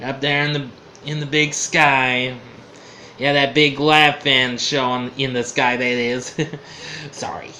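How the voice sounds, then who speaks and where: A man's voice: medium pitch, level tone, slow, pushed and bright, slight background noise. A man reviewing an old comedy show for his vlog, rambling and chuckling, often losing his train of thought.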